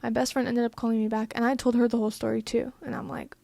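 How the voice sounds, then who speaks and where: Flat-toned young woman, blunt and profane. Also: on the high side, quick pace, vocal fry, hardly any pauses, no room sound. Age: young adult. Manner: blunt, profane and emphatic, with many filler "like"s. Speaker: vlogger. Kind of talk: casual storytime monologue.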